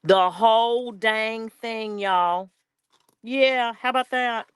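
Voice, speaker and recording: A woman's voice: fairly high pitch, slow pace, smooth, no room sound. A woman with a Southern US accent hosting a live crafting stream, chatting casually and folksily with viewers as she works and reads their comments.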